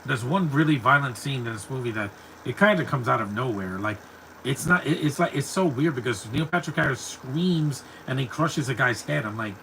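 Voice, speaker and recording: A man's voice: medium pitch, lively intonation, normal speed, vocal fry, a bit bright, slight background noise, low-quality recording. A man giving casual live commentary over a movie, rambling and stumbling over repeated words.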